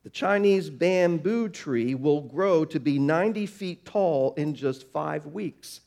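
A male pastor delivering a sermon with a slightly high voice. He drops low and quiet, then climbs louder and higher, stretching key words out slowly for emphasis. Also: gravelly. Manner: dynamic preaching, slows for emphasis, swings from soft to loud.

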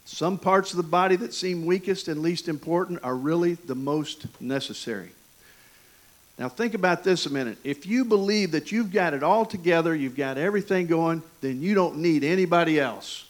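A man preaching with a Southern accent from East Tennessee. His voice sits a little high for a man. He tells stories folksily and keeps turning to the congregation with jokes. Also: moderate pace, rough recording. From Michigan. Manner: folksy, animated storytelling with jokes and asides to the audience. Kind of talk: sermon with personal stories.

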